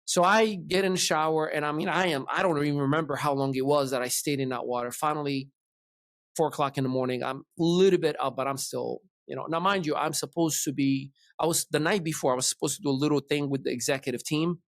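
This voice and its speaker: Guy hosting a podcast, lively storyteller, fairly high voice, dry close sound. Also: quick pace, dry recording. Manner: animated, acts out dialogue in his retelling. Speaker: podcast host. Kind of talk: casual storytelling chat.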